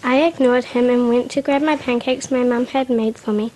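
This woman's voice is on the high side and a little mellow, with fairly even intonation and a moderate pace. She gives an unpolished, plain reading of a first-person story, often tripping on words and restarting them.

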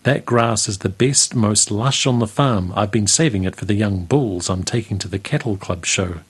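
A man reading as a shrewd farmer husband, speaking quietly and measured. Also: fairly low pitch, breathy edge. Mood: knowing.

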